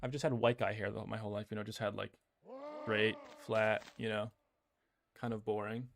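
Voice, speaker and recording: A young man chats loosely through a gaming stream, swearing at the game and talking to viewers. His voice has a gravelly, creaky edge. A steady hiss of background noise sits under his home mic. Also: on the low side, normal speed. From Australia. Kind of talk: casual gameplay chat.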